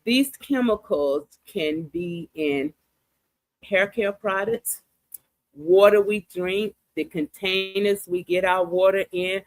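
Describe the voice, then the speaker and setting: A woman's voice: medium pitch, dry recording. A woman guest explaining a research study in an earnest, explanatory way. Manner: earnest, explanatory, slows down for numbers.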